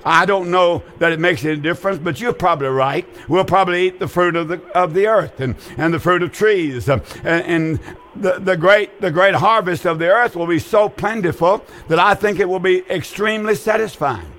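A man's voice: high-pitched, moderate pace, fairly bright tone. An older man hosting a call-in Bible radio show, earnest and folksy, often repeating his phrases for emphasis.

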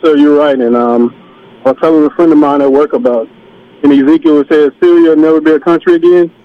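A man's voice: a little high, fast talker, dry recording. A man calling in to a radio show, asking hesitant, rambling questions. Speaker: caller. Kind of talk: call-in question. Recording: dull phone-in line.

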